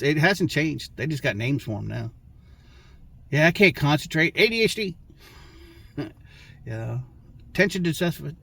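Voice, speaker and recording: A man's voice: medium pitch, creaky, a bit bright, slight background noise. Blunt, rambling man talking to camera. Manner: rambling, profane, frank, with restarts and short laughs. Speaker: vlogger. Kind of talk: casual storytelling monologue.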